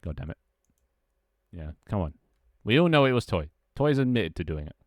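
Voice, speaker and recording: A man's voice: fairly low pitch, very animated, fairly quick, a little mellow, no echo, studio quality. A young man streaming live, chatting loosely with his viewers and friends, rambling and laughing as he goes. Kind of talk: casual live-stream chat.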